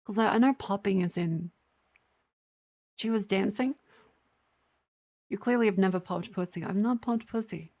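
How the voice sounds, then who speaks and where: A woman's voice: mid-range voice, moderate pace, long pauses, dark tone. A young Australian woman chatting casually on a livestream, tired, rambling and swearing with self-mocking banter. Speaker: streamer. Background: faint music.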